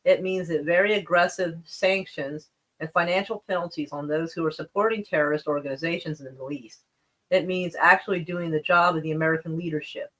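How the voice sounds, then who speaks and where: A woman's voice: low voice, fairly even intonation, brisk, fairly bright tone. A woman doing casual live-stream news commentary, reading articles aloud and reacting with profane sarcasm and frequent laughs while rolling cigarettes. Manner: rolls and smokes cigarettes while talking.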